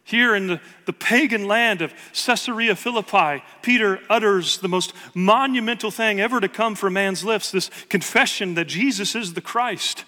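A man's voice: high voice, moderate pace, hardly any pauses, sharp tone, big-room sound. A man preaching a sermon with earnest emphasis, reading scripture aloud to his congregation. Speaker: pastor.

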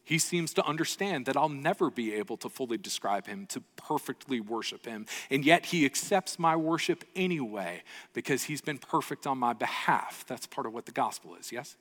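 A man's voice: medium pitch, expressive, normal speed, hardly any pauses, a bit bright. A man preaching a sermon as pastor, earnest and storytelling, often checking in with the congregation. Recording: long reverb of a large hall.

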